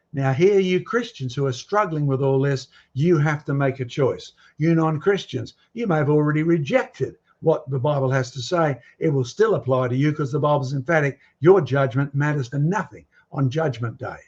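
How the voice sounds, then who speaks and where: Emphatic man lecturing, husky voice. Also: a little high, darkish tone. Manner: emphatic, challenging the audience with questions. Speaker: creationist speaker. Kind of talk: presentation lecture. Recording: muffled lo-fi recording.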